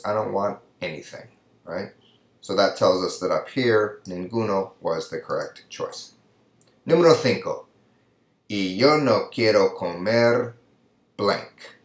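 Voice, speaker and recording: A man's voice: lowish voice, reverberant. A man teaching a Spanish grammar lesson, patiently explaining each answer step by step in English and Spanish. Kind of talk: recorded classroom lesson.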